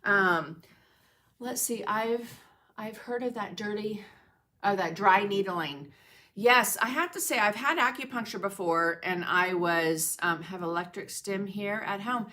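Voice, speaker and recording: Bright-voiced chatty woman hosting a livestream. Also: mid-range voice, measured pace. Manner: chatty, greets viewers by name, laughs often. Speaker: art journaling livestream host. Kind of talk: casual livestream chat. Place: home studio.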